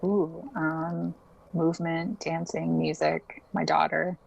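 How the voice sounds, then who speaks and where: A woman's voice: sits low, flat delivery, takes it slowly, vocal fry, a little mellow, breathy edge, dull audio. A young adult woman chatting casually as a podcast guest, laughing often and filling her talk with likes and ums. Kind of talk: casual interview chat.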